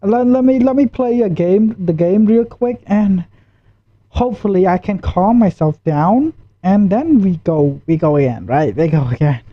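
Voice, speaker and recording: A man's voice: high-pitched, expressive, normal speed, dry recording. A man streaming his reaction to a video, jittery, repeating himself and swearing. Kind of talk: live reaction commentary. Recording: dull lo-fi dry sound.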